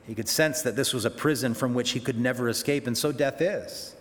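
A man's voice: mid-range voice, fairly quick, few pauses, big-room sound. A man preaching a sermon, conversational and emphatic, full of rhetorical questions.

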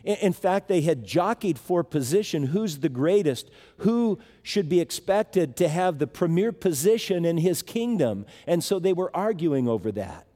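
A man's voice: high voice, animated, a little slow, few pauses, dark tone, in a large hall. A man preaching a sermon in a conversational, emphatic way, often restarting his phrases.

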